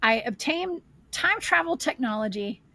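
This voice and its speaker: A woman, a paranormal investigator, telling her story as a guest in a casual podcast chat, animated and rambling. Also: sits high, measured pace, no room sound.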